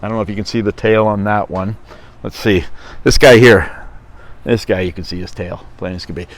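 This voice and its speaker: A middle-aged man from Stavanger, Norway, chats casually on his vlog with a Norwegian accent. His voice is lowish, brisk and fairly even in intonation. He rambles, chuckles and often corrects himself.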